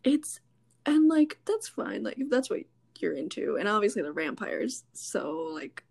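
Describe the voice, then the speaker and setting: A woman's voice: medium pitch, very animated, unhurried, gravelly, a little mellow. A woman co-hosting a podcast in casual chat, giggly and cautious, often hedging. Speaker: podcast co-host.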